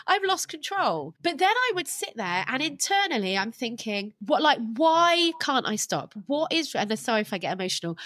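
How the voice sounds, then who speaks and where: A woman, a podcast guest and life coach telling her own story candidly over a video call, animated and self-deprecating. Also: fairly high pitch, no room sound. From England.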